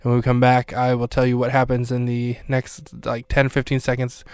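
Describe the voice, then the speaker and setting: A man hosting a podcast, recapping a scene in a casual way with wry, deadpan asides. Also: medium pitch, normal speed, clean tone, no room sound. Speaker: podcast host.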